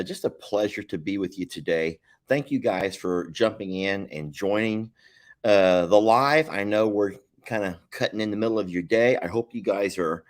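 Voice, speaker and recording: Folksy man, lively pitch. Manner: rambling and folksy, with stammers. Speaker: livestream host. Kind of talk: casual live chat to viewers.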